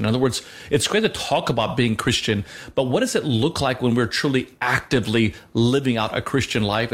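A middle-aged man talks through faith lessons on a Christian radio show. He speaks earnestly, stopping and restarting often and filling pauses with small hesitations. His pitch sits in an ordinary middle range for a man. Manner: earnest, halting, many fillers and restarts. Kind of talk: conversational religious teaching.

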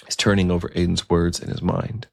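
A man telling a historical story in a relaxed, conversational way, with asides and fillers. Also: deep voice, fairly quick, creaky, no room sound, clean studio sound.

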